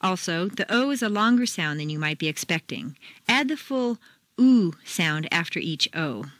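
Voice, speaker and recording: A woman reading scripted pronunciation lessons, modeling sounds clearly and deliberately. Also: on the low side, very animated, fairly bright tone, no room sound. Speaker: pronunciation teacher. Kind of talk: scripted instructional narration.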